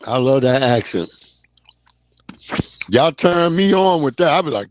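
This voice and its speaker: A man's voice: medium pitch, lively intonation, measured pace, a little hiss or hum. A man in his thirties or forties hosting a livestream, talking loosely and casually with plenty of slang as he reacts to chat comments. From New York (Long Island). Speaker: livestream host.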